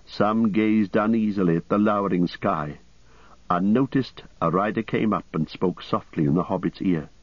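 A man reading an audiobook as narrator in a steady, measured way. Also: lowish voice, no room sound, dull audio. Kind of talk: scripted narration.

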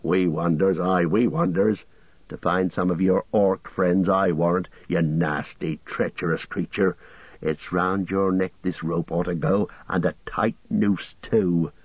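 A man's voice: deep voice, steady tone, measured pace, husky, no echo. A man voicing a blunt male hobbit who growls his words with scorn. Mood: scornful. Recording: muffled lo-fi audio.

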